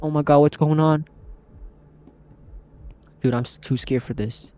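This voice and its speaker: A high-voiced young man narrates his own horror game run in an unhurried drawl. He is jumpy and easily startled, and talks to himself and his viewers as he plays. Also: steady tone, dark tone, clear, resonant tone, dull audio. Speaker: gaming channel host. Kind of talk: horror game let's play commentary.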